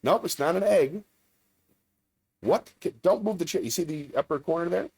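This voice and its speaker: A man's voice: fairly high pitch, normal speed, gravelly, breathy edge. A man hosting a casual live-stream chat, talking in a playful, chatty way. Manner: chatty, playful, lively delivery. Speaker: comedian host of a live stream.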